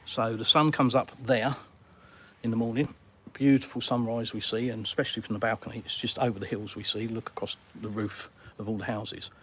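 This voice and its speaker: A man's voice: on the low side, steady tone, a little fast, a bit bright, slight background noise. A middle-aged English man hosting a casual live Q&A from a sunny balcony, blunt and full of jokey banter. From England. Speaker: livestream host.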